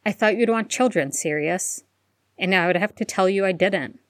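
A woman reading aloud, voicing a tired, graying man who speaks quietly and with wry restraint. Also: medium pitch, moderate pace, no room sound, clean studio sound, natural voice. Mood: subdued.

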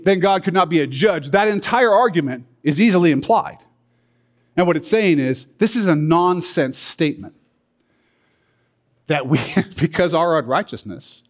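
Lively, emphatic male Bible teacher. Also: fairly high pitch. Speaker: pastor teaching a Bible study. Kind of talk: sermon.

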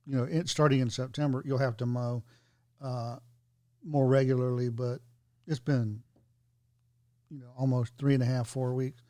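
A man's voice: medium pitch, level tone, moderate pace, long pauses, darkish tone, no echo. A middle-aged man co-hosting a casual chat, matter-of-fact with dry wisecracks.

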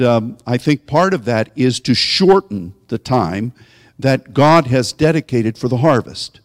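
A man's voice: medium pitch, clean studio sound. A man preaching a sermon as a pastor, shifting from conversational storytelling to emphatic exhortation. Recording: long hall reverb.

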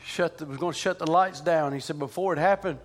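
A man preaching a sermon, dropping low and hushed and then climbing into loud, shouted preaching cadences. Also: fast talker.

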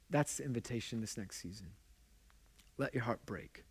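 Man, pastor, sermon, conversational, impassioned storyteller, mid-pitched voice. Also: normal speed, pauses often, husky. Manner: conversational, engages the congregation with questions.

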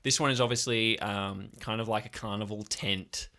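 A man's voice: lowish voice, steady tone, moderate pace, pushed and bright. A man narrating a tabletop game as game master, loose and hesitant with fillers.

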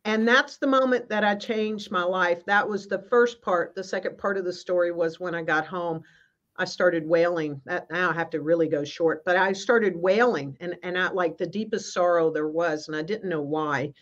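A woman guest minister telling a personal spiritual story on a video call, in an earnest, halting way with many restarts. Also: fairly low pitch, a bit bright. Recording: slightly muffled.

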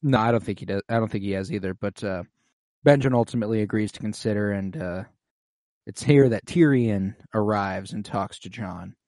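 A man's voice: on the low side, brisk, darkish tone, no room sound, clean studio sound. Laid-back young man recapping a show. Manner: laid-back, slangy, does goofy quoted voices. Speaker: podcast co-host. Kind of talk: casual chat recapping a TV episode.

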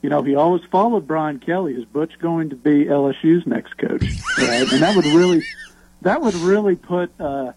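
A man's voice: fairly high pitch, moderate pace, a little mellow, slight background noise, low-quality recording. A man talking as a guest on a sports radio show, telling stories and laughing easily. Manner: laughing, conversational storyteller. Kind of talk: casual radio chat.

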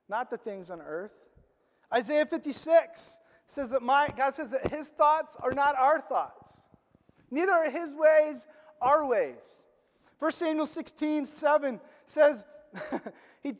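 Preaching in a relaxed, talky way, a pastor with a mid-range voice uses slang and quizzes the congregation, veering from forceful lines to almost-whispered ones. A big hall gives the recording a long echo.

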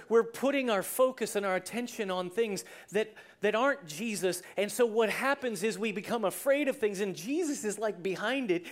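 A preacher delivering a sermon in a conversational way, telling the story with lively asides and acting out the scenes. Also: mid-range voice. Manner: animated storyteller who acts out scenes.

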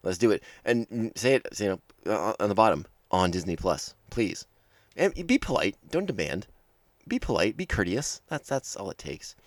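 A man's voice: fairly low pitch, very animated, moderate pace, slight background noise. A man hosting a casual show episode breakdown podcast, talking enthusiastically and rambling with many restarts. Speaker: podcast host.

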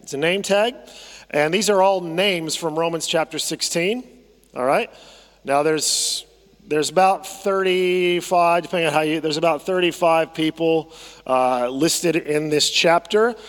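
A man's voice: a little high, a little slow. Male pastor preaching in a reverberant church. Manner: conversational, repeats phrases, asks congregation to respond. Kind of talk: sermon. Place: church sanctuary.

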